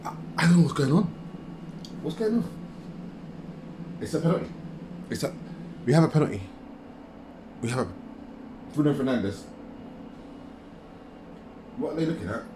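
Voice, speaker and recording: A man's voice: fairly high pitch, roomy sound, noisy background. A man ranting through a live football match reaction, agitated and repeating himself. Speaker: football fan vlogger.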